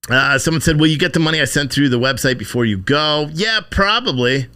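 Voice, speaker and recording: Man, casual live-stream host, profane, rambling, bright tense tone, mid pitch. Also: animated, fast, few pauses. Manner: profane, rambling, thanks donors by name. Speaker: livestream host.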